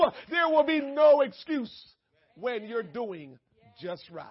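A man pastor preaching a sermon, moving from calm storytelling to shouted, fervent preaching. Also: extremely high pitch, takes it slowly, husky, dull audio.

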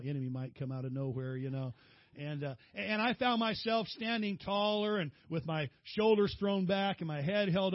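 A male preacher telling personal stories in a folksy, animated sermon. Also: a little high, dry recording, muffled recording.

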